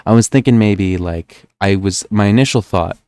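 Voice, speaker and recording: A man's voice: lowish voice, moderate pace, darkish tone, clean tone. A young man with a New Jersey accent doing live-stream gameplay commentary, rambling and thinking aloud with lots of fillers.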